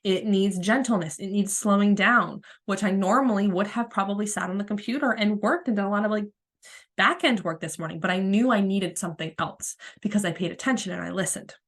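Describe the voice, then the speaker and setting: A woman with a cold, hosting a solo podcast as a spiritual coach in a gentle, chatty, rambling way. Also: medium pitch, a little fast. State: has a cold. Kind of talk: casual solo podcast monologue.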